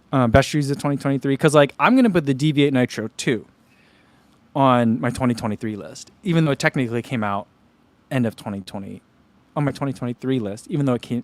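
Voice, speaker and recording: A man's voice: mid-range voice, no echo. A man hosting a running channel, chatting casually on a livestream and answering viewer comments, rambling with lots of "like" and "you know.".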